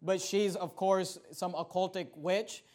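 A man preaching a sermon, explaining a Bible passage with emphatic rises and drops in loudness and frequent rhetorical questions to the congregation. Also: high-pitched, fairly even intonation, a little slow.

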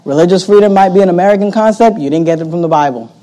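A pastor preaching a sermon, emphatic and sarcastic, swinging between loud outbursts and hushed asides. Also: male voice, high-pitched, rapid-fire, rough recording.

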